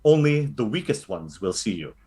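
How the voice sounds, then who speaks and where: A man's voice: fairly low pitch, big pitch swings, moderate pace, warm tone. A man doing a doting old Filipino granny. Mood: motherly. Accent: Filipino English, put on. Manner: broken English, clucking, calls everyone honey. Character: doting old Filipino grandmother sorceress, bossy and motherly. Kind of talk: tabletop role-play voice acting.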